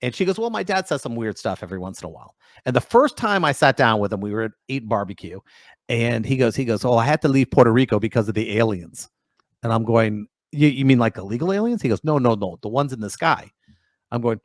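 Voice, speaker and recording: A man with a mid-range voice hosts a radio comedy show. His pitch swings widely as he tells stories and quotes people in put-on voices. He sounds close to the mic in a dry studio. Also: expressive, quick pace, no echo. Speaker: radio host. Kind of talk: casual comedy chat.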